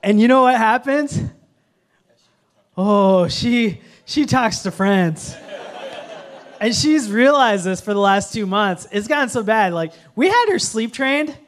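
A man preaching a sermon in a conversational way, mixing humorous family stories with earnest teaching and swinging from hushed lines to loud ones. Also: sits high, animated, a little slow. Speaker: pastor.

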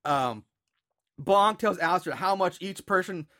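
Bright-voiced man recapping a movie. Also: sits high, a little slow. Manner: relaxed, laughing, retelling plot with filler words. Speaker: podcast host.

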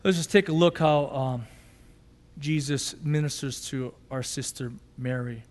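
A male pastor preaching a sermon with emotion, going from loud, intense passages to quiet, soft ones. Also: mid-range voice, measured pace, big-room sound.

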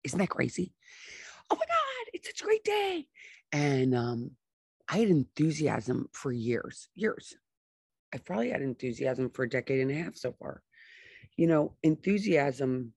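A woman's voice: a bass voice, unhurried, vocal fry, mellow, husky, no room sound, clean studio sound. A middle-aged woman hosting a solo podcast, talking with enthusiasm and repeating phrases for emphasis. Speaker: podcast host.

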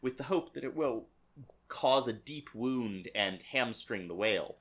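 A man co-hosting a casual book discussion, chatty and quick to finish his partner's points. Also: mid-range voice, animated, a bit bright. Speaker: podcast co-host discussing a novel.

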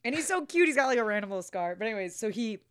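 A woman's voice: on the high side, racing, clear, resonant tone. Giggly, tipsy woman retelling a movie. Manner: giggly, animated, acts out quotes. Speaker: podcast co-host. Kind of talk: casual chat, film recap. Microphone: close studio mic.

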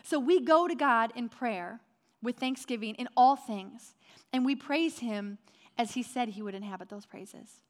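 A middle-aged woman pastor giving a sermon and telling lively personal stories. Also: fairly high pitch, unhurried. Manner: storytelling, animated.

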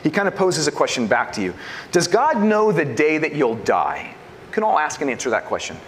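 A man preaching from the pulpit, his somewhat high voice leaping up and down as he pushes rhetorical questions at the congregation. He drops to a hush, then rises again for emphasis. A faint hiss of room ambience sits behind him. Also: fairly quick. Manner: animated preaching, rhetorical questions, swings between loud and hushed. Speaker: pastor. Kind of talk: sermon.

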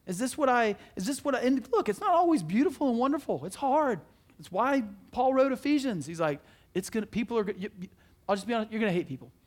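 High-voiced man preaching earnestly. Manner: earnest, conversational, with frequent restarts and rhetorical questions. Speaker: pastor. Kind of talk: sermon.

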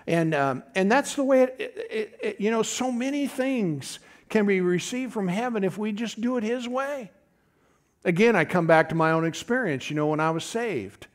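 A man's voice: high voice, animated, normal speed. A middle-aged man preaching a folksy, conversational sermon, often calling out to his congregation.

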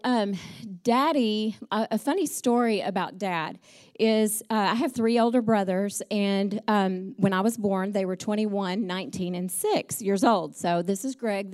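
A woman's voice: medium pitch, a little mellow. Woman, middle-aged, church speaker, heartfelt, chatty, lots of ums. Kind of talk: personal storytelling message.

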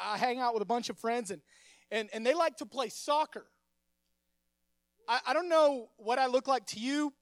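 A man's voice: high-pitched, fairly bright tone, dry recording. A young man, preaching as youth pastor in a church, friendly and joking, often stammering and repeating words. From Texas. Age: 20s. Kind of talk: sermon with casual storytelling. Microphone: stage microphone.

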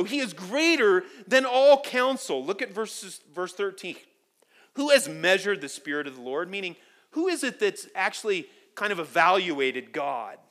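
Bright, animated male pastor preaching. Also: high voice. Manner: animated storytelling, swings from soft to loud. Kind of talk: sermon. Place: church.

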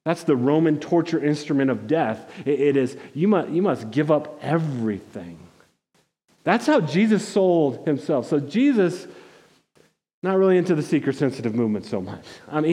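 A man's voice: on the high side, big-room sound. A pastor delivering a conversational sermon, acting out quotes and restarting his phrases often. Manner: conversational, animated, frequent restarts and acted-out quotes.

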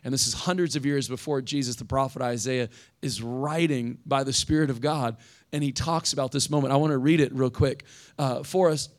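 A man's voice: medium pitch, steady tone, fairly quick. Man preaching a conversational sermon. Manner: conversational preaching, reads scripture aloud with rising intensity. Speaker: pastor.

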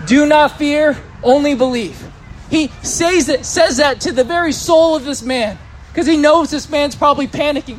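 A man's voice: very high voice, animated, fairly quick, a little hiss or hum. A male pastor preaching a sermon in a conversational way, often putting questions to the congregation.

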